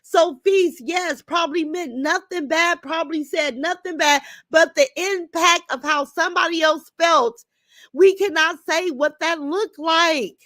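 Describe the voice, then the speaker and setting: A woman's voice: extremely high pitch, a little slow, a bit bright, dry recording. An older woman, hosting a livestream and reading chat comments, blunt and heated and swearing freely. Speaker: livestream host.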